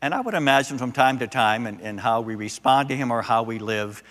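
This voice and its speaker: An older man, a pastor, preaching a sermon and telling a story with animated, acted-out voices. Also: mid-range voice, a little fast, long reverb tail.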